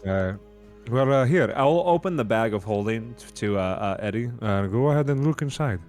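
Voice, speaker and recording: A man playing a tabletop game, talking casually in a halting way with many fillers. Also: medium pitch, lively intonation, a little mellow, soft background music. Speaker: player.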